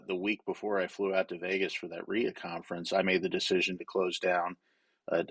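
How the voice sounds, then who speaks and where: A man's voice: low voice, fairly bright tone, slightly rough, no echo. A man from Wyoming, a guest in a casual interview, speaking candidly in a storytelling way with frequent restarts.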